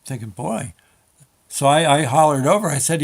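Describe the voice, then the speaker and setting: An older man telling a rambling comic story about a visit to the motor vehicle office, with halting restarts. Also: on the high side, expressive, vocal fry. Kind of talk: comic monologue with quoted dialogue.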